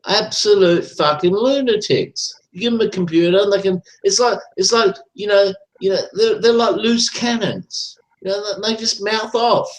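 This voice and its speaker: Heard against a roomy echo, a man with a high voice runs his live chat stream, ranting casually in a rambling, profane, repetitive way. He keeps a moderate pace with few pauses.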